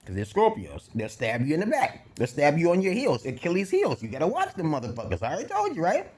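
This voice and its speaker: A man's voice: fairly high pitch, wildly swooping pitch, a little fast, a little mellow, husky. A man from Brooklyn with a New York accent, talking bluntly and profanely in a rambling casual monologue at home, chewing gum as he speaks. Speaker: vlogger giving dating talk.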